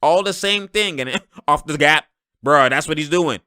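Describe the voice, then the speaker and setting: A man hosting a basketball reaction show, giving slangy, excited commentary over game clips and laughing often. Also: fairly high pitch, moderate pace, clean tone, no echo, studio quality. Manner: animated, slangy, laughs often, shouts at plays. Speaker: host of a basketball reaction channel.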